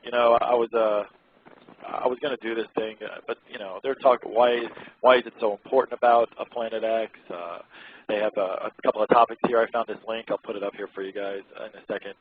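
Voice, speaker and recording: Fast-talking irreverent radio host on a tinny line. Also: male voice, lowish voice, little pitch movement, a little hiss or hum. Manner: rambling and irreverent, laughs often. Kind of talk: casual chat, reading out web articles. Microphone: close mic he keeps blowing into.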